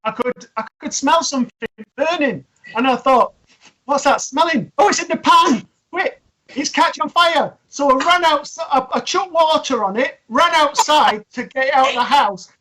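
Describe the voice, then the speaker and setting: High bright woman, eager storyteller, cuts in. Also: moderate pace, low-quality recording. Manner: eager, repeats herself to get a word in. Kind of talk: casual chat, telling funny stories.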